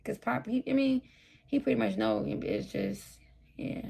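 A woman's voice: on the high side, unhurried, vocal fry, mellow, husky. A tired woman ranting profanely and combatively at her viewers during a late-night livestream. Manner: profane, combative, talks straight at her chat. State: tired, burnt out.

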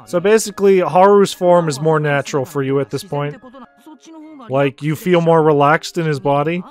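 A man's voice: on the high side, normal speed, darkish tone, soft background music. A man streaming a video game, casual and wry, with offhand swearing and asides. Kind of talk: casual gameplay commentary.

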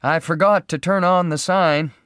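A jumpy young motel keeper, as a man puts him on who speaks with a forced, nervous calm. The voice is pushed high above the reader's own, with a dry, close sound. This is storybook reading. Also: normal speed, clean tone, dry recording, lightly acted.

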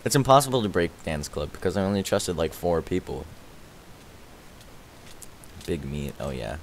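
A man chatters through a live gaming stream, reading viewer messages aloud and thanking people by name. His voice sits on the lower side but leaps all over the place as he gets excited. Faint hiss underneath. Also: moderate pace.

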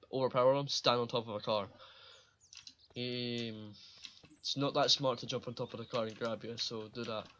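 A man's voice: medium pitch, a bit bright, muffled recording, a little hiss or hum. A man giving casual commentary while playing a survival game, rambling and swearing freely and laughing at his own slips. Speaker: gaming channel host.

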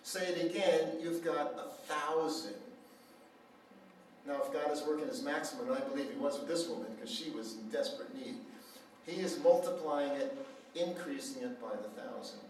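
Preacher in an echoey hall. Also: male voice, fairly high pitch, normal speed. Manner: animated storyteller, acts out quoted dialogue. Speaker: speaker at a healing center. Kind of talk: sermon with storytelling. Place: church hall. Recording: echoey hall, mic far off, faint noise.

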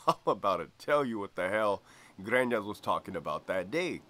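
A man's voice: on the low side, lively intonation, normal speed, fairly bright tone, no room sound. A man who used to be a prison officer telling a story casually, slangy and profane, laughing often.

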